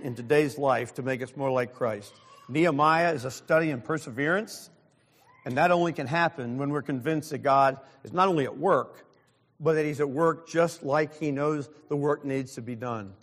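A man's voice: fairly high pitch, long reverb tail. A pastor in his sixties preaching a sermon, earnest and openly self-deprecating. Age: 60s.

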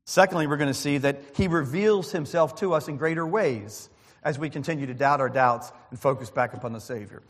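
A man preaching a sermon as pastor, emphatic and repetitive, swinging between loud and soft. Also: fairly high pitch, a little fast, long reverb tail. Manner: emphatic, repeats phrases, shifts loud and soft.

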